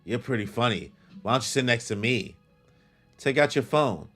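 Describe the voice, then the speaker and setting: A man's voice: medium pitch, expressive, normal speed, fairly bright tone, soft background music. A man reading out the lines of a sleazy male thug posing as a police officer, coaxing and menacing.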